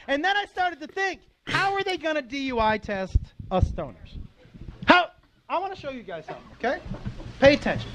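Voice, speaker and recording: A man with a strikingly high voice performs stand-up comedy and swings his pitch all over as he acts out the characters. He is middle-aged, tells his story in a lively, profane way, and slips in and out of the voices he imitates. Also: brisk, a little hiss or hum.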